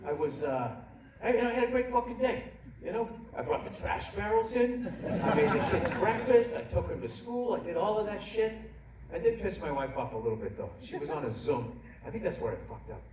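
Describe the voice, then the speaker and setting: A middle-aged male comedian rants through a profane, self-mocking stand-up bit in a highish voice. He sounds far from the mic in an echoey venue, with a roaring audience and heavy noise all around. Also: animated, brisk. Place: large indoor comedy venue. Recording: distant echoey live hall, loud crowd. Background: roaring audience laughter.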